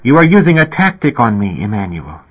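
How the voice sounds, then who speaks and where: A man with a husky voice voicing a mysterious young girl who speaks calmly and cryptically. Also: medium pitch, brisk. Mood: cryptic calm. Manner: calm, teasing, cryptic. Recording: tinny phone-like sound.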